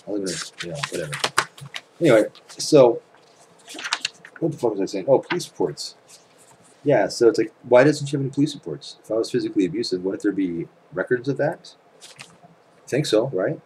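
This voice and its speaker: A man's voice: lowish voice, animated, fairly quick, pauses often, darkish tone, a little hiss or hum, rough recording. A man talking to his viewers at home in a casual, emphatic rant, swearing often and firing off rhetorical questions. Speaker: channel host. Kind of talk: casual ranting monologue to camera.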